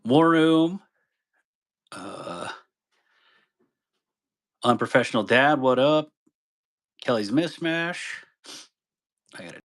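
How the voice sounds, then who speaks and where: A man's voice: mid-range voice, expressive, slow, long pauses, a bit bright. A man hosting a casual live stream, greeting viewers by name, chatting loosely and laughing easily.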